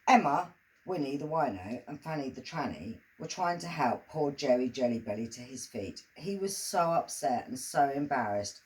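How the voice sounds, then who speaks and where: Lively woman reading a bawdy tale. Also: very deep voice, moderate pace, rough recording. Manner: lively, sing-song storytelling with crude humor. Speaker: storyteller. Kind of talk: reading her own comic rhyming story.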